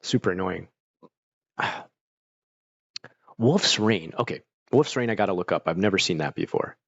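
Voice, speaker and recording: A man's voice: sits low, expressive, moderate pace, a bit bright, no room sound, highs cut off. A man chatting casually with his stream viewers, rambling with lots of fillers while fighting off hiccups. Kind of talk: casual chat.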